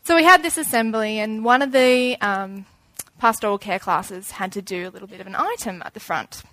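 A young woman gives an informal sermon, chatty and animated, acting out little scenes as she goes. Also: mid-range voice, a little fast.

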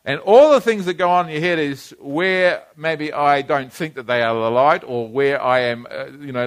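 A man's voice: on the high side, normal speed, few pauses. A male pastor preaching a sermon in a church, emphatic, repeating key phrases and leading the congregation in responses.

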